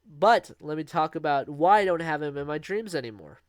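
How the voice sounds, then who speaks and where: A man's voice: on the high side, animated, normal speed, no room sound, clean studio sound. A young man casually telling a personal story in a vlog, rambling and restarting as he goes. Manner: rambling, with fillers and restarts, laughing at himself. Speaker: vlogger.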